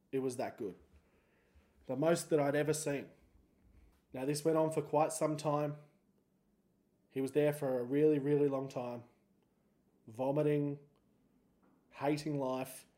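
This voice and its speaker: Man, 30s, Australian accent, solo podcast host, laid-back, joking, rambling, warm mellow voice. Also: on the high side.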